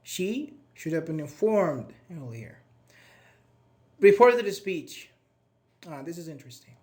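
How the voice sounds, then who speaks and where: A man teaching a grammar class live, talking in a loose, chatty way and asking his students questions. His voice sits a little higher than most men's, and he keeps praising students by name as they answer. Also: sing-song, unhurried, a little mellow. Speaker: English teacher.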